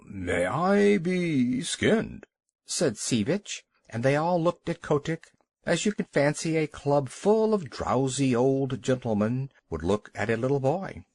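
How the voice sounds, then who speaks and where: Expressive male storybook narrator. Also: medium pitch, no room sound. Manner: expressive, dramatic reading. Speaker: audiobook narrator.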